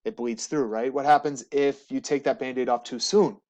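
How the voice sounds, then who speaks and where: A man teaching history, giving a relaxed, joking slideshow lecture to students. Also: medium pitch, moderate pace. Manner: casual, jokey, asks students questions. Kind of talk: recorded classroom lecture over slides.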